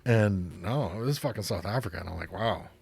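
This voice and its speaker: A man's voice: on the low side, lively intonation, fast talker, vocal fry, darkish tone, breathy edge. A man co-hosting a podcast in casual chat, rambling with many fillers and frequent swearing. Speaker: podcast co-host.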